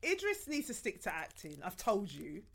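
A woman's voice: mid-range voice, wildly swooping pitch, creaky, husky. Chatty, wry young British woman. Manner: chatty, wry, quick to laugh. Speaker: co-host. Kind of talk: casual chat.

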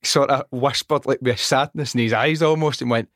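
A middle-aged Scottish man chatting on a podcast, telling an animated, sweary story and acting out the dialogue. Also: medium pitch, normal speed, no echo, clean studio sound. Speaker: podcast guest. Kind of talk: casual chat. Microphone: studio microphone.

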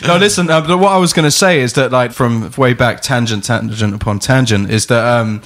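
A man's voice: mid-range voice, fairly quick, a bit bright. A man hosting a casual podcast chat, rambling through a setup and laughing easily.

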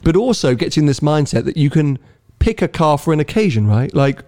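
A man's voice: a little high, very animated, a little fast, warm tone. A man co-hosting a podcast, talking casually and rambling a little, with frequent restarts. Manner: chatty, rambling, stammers on restarts. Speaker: podcast co-host. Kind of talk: casual car podcast chat.

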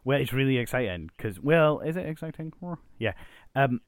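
A man co-hosting a casual chat podcast, chatty and self-correcting, dropping into a soft low voice as he muses. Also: animated, moderate pace, no room sound, clean studio sound. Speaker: podcast co-host; teacher.

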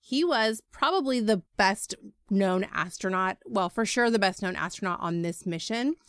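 A woman's voice: mid-range voice, animated, moderate pace, clean tone, no echo. Woman, podcast host, chatty and casual, dry close sound. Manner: chatty, conversational, with filler words. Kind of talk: casual history podcast narration.

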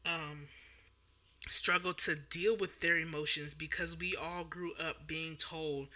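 Bright-voiced woman venting on a podcast. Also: sits low, fairly even intonation, slow. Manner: candid, heated storytelling full of fillers and restarts. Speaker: podcast host, parent. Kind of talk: casual podcast monologue.

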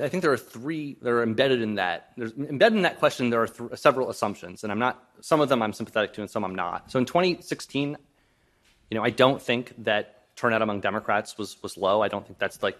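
In a lecture hall, a male guest lecturer with a lowish, slightly bright voice talks a little fast. While delivering a public lecture and taking audience questions, he thinks aloud, hedges, restarts repeatedly and says "um" a lot; his voice strains for a moment.

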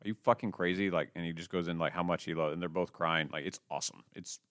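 Male podcast host, low smooth voice, dry sound. Rambling, excitable recapper, curses freely. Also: quick pace, no room sound. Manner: rambling, excitable, swears, lots of "like". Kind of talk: casual chat recapping TV shows.

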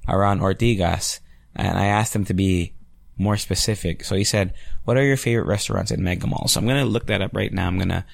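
Male podcast host, 30s, chatty rambler, gravelly voice, dry close recording. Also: low voice, no room sound. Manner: rambling, chatty, swears freely. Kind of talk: casual solo podcast chat.

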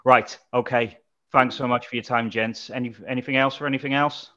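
A man's voice: medium pitch, fairly even intonation, brisk, bright, forceful tone. A man hosting a casual football fan podcast, joking dryly and steering the chat to its close. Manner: dry, joking, wraps up the chat. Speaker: podcast host. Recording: dull lo-fi recording.

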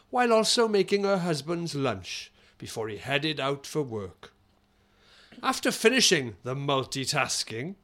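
Animated man telling a story. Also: on the high side. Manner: playful, doing quick put-on regional accents, laughing often. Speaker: comedy podcast host. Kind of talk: casual comic chat, reading a news story aloud.

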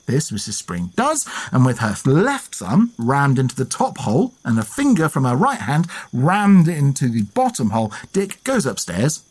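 A man co-hosting a podcast, telling history and folklore stories in a lively, playful way. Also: mid-range voice, husky. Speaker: podcast co-host. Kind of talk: storytelling history chat.

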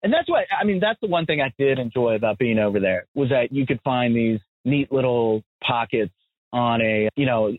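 An American man telling stories in a casual chat, animated and blunt, swearing freely. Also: mid-range voice, normal speed, no echo. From United States. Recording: tinny phone-like audio, dry.

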